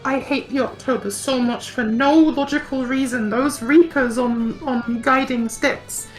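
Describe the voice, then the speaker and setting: A woman calls a live game tournament in a Yorkshire and South African blend, her voice high. She giggles often and trails off mid-thought. Faint music plays behind her. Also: steady tone, unhurried. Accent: mix of Yorkshire and South African. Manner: giggly, rambling, often loses her words. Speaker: tournament co-caster.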